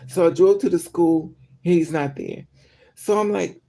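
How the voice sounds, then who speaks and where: A woman chatting on a livestream, telling a story in an animated way with sudden outbursts. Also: fairly low pitch, measured pace. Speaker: livestream host. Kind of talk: casual storytelling.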